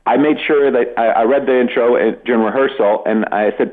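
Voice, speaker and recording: A middle-aged Canadian comedian with a Canadian accent, giving a dry, self-deprecating radio interview with many restarts. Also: male voice, medium pitch, steady tone, quick pace, narrow, tinny audio. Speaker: comedian guest.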